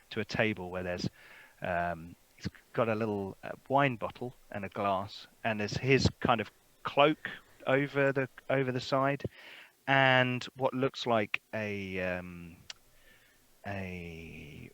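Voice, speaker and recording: A man narrating a tabletop game as game master, relaxed and rambling with many fillers. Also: fairly low pitch, takes it slowly.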